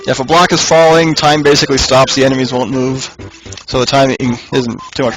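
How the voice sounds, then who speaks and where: A man's voice: medium pitch, a little fast, poor audio. Easygoing man narrating a puzzle game. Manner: relaxed, thinking aloud, with light chuckles. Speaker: let's play commentator. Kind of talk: casual gameplay commentary. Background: game music.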